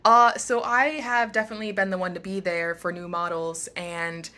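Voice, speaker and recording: Chatty young woman vlogging from her bedroom, bright and upbeat. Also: mid-range voice, fairly even intonation, moderate pace. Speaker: model and vlogger. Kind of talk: casual advice vlog. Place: bedroom at home.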